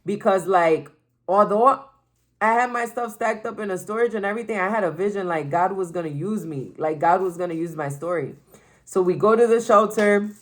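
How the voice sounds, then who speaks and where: A woman's voice: mid-range voice, normal speed. A young woman sharing a personal faith testimony in a casual, emphatic way, repeating phrases and saying "like" often.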